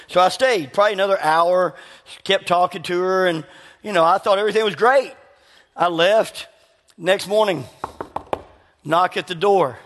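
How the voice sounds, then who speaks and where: Guy preaching, tells his story all animated, acts out both sides, pretty high voice, long echo from the hall. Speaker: pastor. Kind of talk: sermon with personal story.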